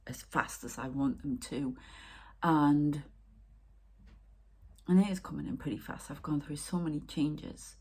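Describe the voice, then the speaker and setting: A woman medium talks casually to her viewers on a spiritual vlog, her voice a little low and husky. She rambles emotionally and often sinks to a near whisper. She sounds upset but keeps talking. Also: moderate pace, a little mellow. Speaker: spiritual medium and channel host.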